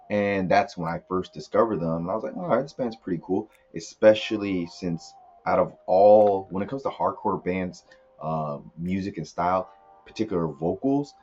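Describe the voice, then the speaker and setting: A man's voice: sits low, darkish tone, highs cut off. A man hosting a casual music review video, talking in a laid-back, rambling way. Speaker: music reviewer, channel host.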